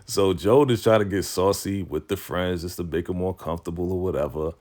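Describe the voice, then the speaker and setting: A man giving a casual, animated recap of a TV episode, talking slangy and laughing as he retells the scenes. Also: low voice, fairly quick. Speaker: TV recap vlogger.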